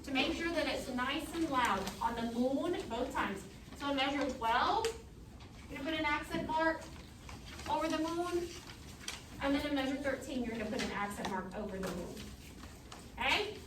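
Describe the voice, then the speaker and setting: A woman leading a choir rehearsal, giving brisk, encouraging instructions and singing short examples. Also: high voice, background noise. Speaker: choir teacher. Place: rehearsal room. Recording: echoey room, mic far off.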